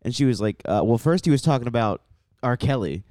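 A young man tells stories in lively casual chat, his pitch moving up and down a lot. His tone is mellow and dark, recorded close and dry. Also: fairly quick, dry recording. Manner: animated storyteller, quotes others.

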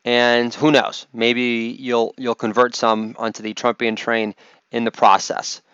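A man's voice: mid-range voice, level tone, a little slow, fairly bright tone, smooth, no room sound, dull audio. A man hosting a comedy podcast, delivering mocking, sarcastic jokes and laughing at his own lines. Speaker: podcast host.

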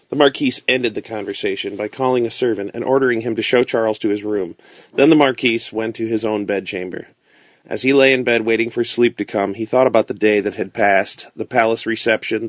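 Calm man reading a bedtime story. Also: on the low side, dry recording.

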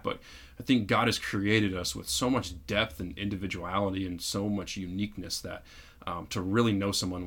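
A man's voice: low voice, vocal fry, fairly bright tone. A man co-hosting a podcast, talking in an earnest, reflective casual chat. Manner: earnest, reflective, quick asides. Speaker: podcast co-host.

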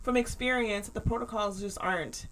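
A woman's voice: medium pitch, a little fast, fairly bright tone, rough recording. A woman who is a parent, talking in a chatty, rambling way with many fillers in casual conversation.

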